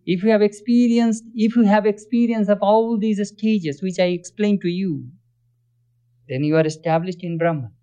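High-voiced man giving a spiritual talk. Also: steady tone, warm tone, smooth. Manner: earnest, questions listeners, chants Sanskrit verses quickly. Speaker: spiritual teacher. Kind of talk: religious discourse. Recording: dull lo-fi recording.

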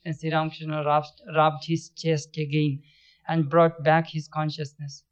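A man's voice: a little high, completely flat delivery, measured pace, clean tone. A man giving a spiritual lecture, telling stories, chanting verses and chuckling often. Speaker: spiritual teacher. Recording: dull lo-fi recording.

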